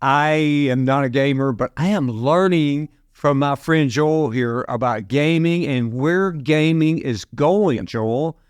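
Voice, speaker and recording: A man's voice: a little high, smooth, no echo, studio quality. An older man from Alabama with a Southern American accent, hosting an interview podcast in an effusive, repetitive, enthusiastic way. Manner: effusive, repeats himself, drawn-out emphasis. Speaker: podcast host.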